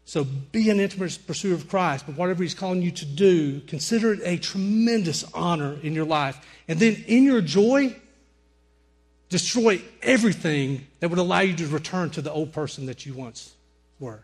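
A middle-aged man preaching a sermon, telling personal stories and softly quoting the people in them. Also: sits high, lively intonation, moderate pace, husky. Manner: storytelling preacher, quotes people in softer voices. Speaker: pastor.

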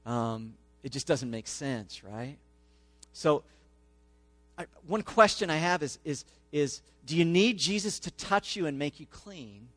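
A man's voice: a little high, expressive, unhurried, a bit bright, dry recording, faint music behind. A man pastor giving a conversational sermon, often checking in with the congregation with "okay?" and "right?".

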